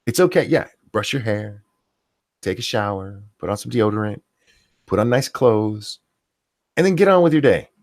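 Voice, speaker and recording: A man's voice: on the low side, lively intonation, normal speed, long pauses, dry recording, studio quality. A middle-aged man ranting profanely on a casual live stream, reading viewer comments aloud as the host.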